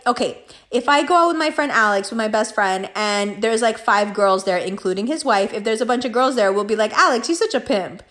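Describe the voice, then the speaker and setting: A woman telling a story in a vlog, animated and heavy on profanity. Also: a little high.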